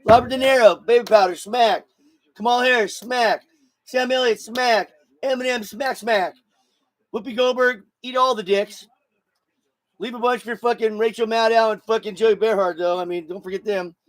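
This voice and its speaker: A man's voice: extremely high pitch, fairly even intonation, moderate pace, no echo. A man hosting his own show, delivering a blunt, profane solo political rant and repeating words as he gets heated. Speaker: show host.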